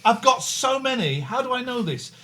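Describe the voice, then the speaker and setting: A man hosting a live show, chatting casually in a playful, teasing way with sudden loud outbursts. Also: very high voice, very animated, normal speed. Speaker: radio host.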